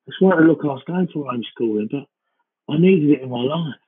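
Deadpan man on a tinny line. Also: fairly high pitch, brisk, husky. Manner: deadpan, self-mocking rambling delivery. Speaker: comedy podcast host. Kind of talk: comic monologue. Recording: band-limited, phone-like sound.

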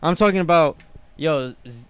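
A man's voice: fairly high pitch, normal speed, smooth. A young man co-hosting a podcast on a headset, asking questions in laid-back slang during casual chat. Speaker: podcast co-host.

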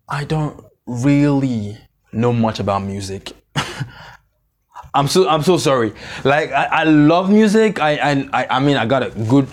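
A man preaching a sermon, slow and emphatic in scripture, then joking and confessional with the congregation. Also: medium pitch. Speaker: pastor. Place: church service, streamed online.

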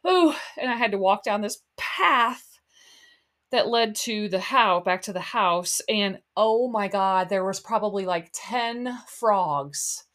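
A woman's voice: medium pitch, takes it slowly, fairly bright tone. A woman hosting a podcast, a little out of breath, telling a rambling story with disgust. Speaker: podcast host.

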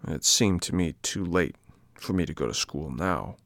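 A man voicing an impulsive wooden puppet boy, excited and pleading in a storybook reading. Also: on the low side, moderate pace, no echo, studio quality, lightly acted. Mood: sulky.

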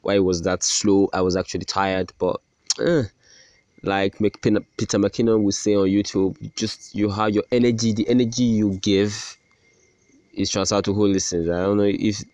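A man's voice: lowish voice, steady tone, moderate pace, darkish tone, dry recording. A young man hosting a casual solo podcast, rambling about his day in a sarcastic, self-deprecating way with many restarts. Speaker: podcast host.

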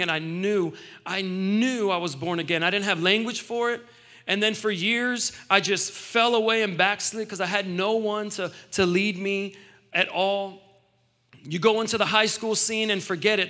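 A man's voice: high-pitched, pushed and bright. A man in his thirties preaching a sermon, mixing personal testimony with scripture in a conversational, emphatic way. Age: 30s. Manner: conversational, emphatic, with restarts and asides.

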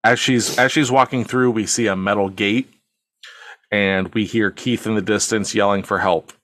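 Low-voiced man retelling a film plot. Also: fairly even intonation, moderate pace, a bit bright, dry recording, studio quality. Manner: storytelling, acts out quotes, swears casually. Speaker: podcast host. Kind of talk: casual chat retelling a film scene by scene.

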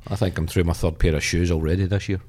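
A man's voice: low voice, little pitch movement, quick pace, darkish tone. A Scottish man, a golf caddie, chatting casually and bluntly on a podcast, swearing freely. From Scotland. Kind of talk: casual chat.

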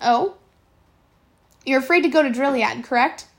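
A woman's voice: high-pitched, normal speed. A woman reading aloud and voicing a defiant, cocky teenage orphan boy who talks in a bold, defensive way.

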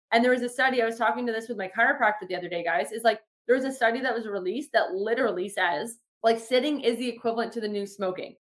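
A woman's voice: medium pitch, fairly bright tone. A young woman hosting a podcast, giving casual fitness advice in a chatty, filler-heavy way and addressing listeners directly. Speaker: podcast host.

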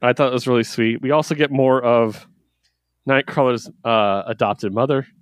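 A man co-hosting a podcast, chatting about the week's comics in a mid-range voice. He gets excited, laughs a lot and acts out lines as he talks. The recording is dry and close. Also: medium pitch, moderate pace, clear, resonant tone, dry recording. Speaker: podcast co-host reviewing comics. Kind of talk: casual chat.

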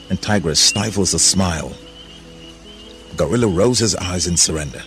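A man narrating a storybook reading in an animated way, voicing many characters. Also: low-pitched, normal speed, pauses often, soft background music.

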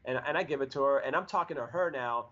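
A man's voice: mid-range voice, fast talker. Rambling man telling a story, lo-fi. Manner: rambling, animated, lots of fillers and restarts. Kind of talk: casual storytelling chat. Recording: dull lo-fi audio.

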